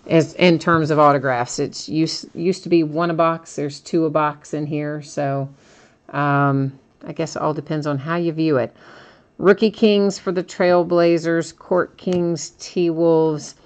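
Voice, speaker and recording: A woman's voice: low-pitched, measured pace. A woman hosting a live card-opening stream, listing cards and answering viewers casually. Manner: casual, reads card names in a steady list, answers viewers by name. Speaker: card-breaking stream host.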